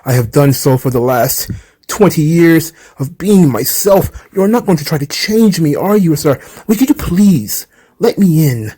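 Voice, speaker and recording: A man's voice: on the high side, expressive, a little slow, dark tone, breathy edge. A man voicing a grown male wrestler who speaks in an overly formal, courtly, old-fashioned way. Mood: courteous.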